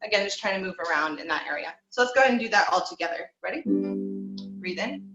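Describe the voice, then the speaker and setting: A woman's voice: mid-range voice, lively intonation, fast, echoey room, over music. A woman teaching a group voice lesson over a video call, coaching in an easy, encouraging way with plenty of fillers.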